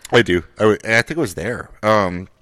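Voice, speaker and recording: Profane man, low voice. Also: moderate pace, fairly bright tone, no room sound, clean studio sound. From Boston area. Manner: profane, rambling sports talk. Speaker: podcast co-host. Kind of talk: casual chat.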